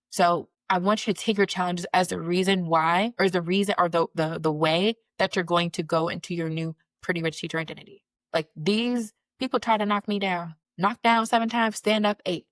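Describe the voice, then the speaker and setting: A woman's voice: lowish voice, no room sound. A woman in her thirties, a career coach hosting her own show, talking earnestly and repeating phrases for emphasis. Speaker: career coach and podcast host. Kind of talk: motivational solo talk.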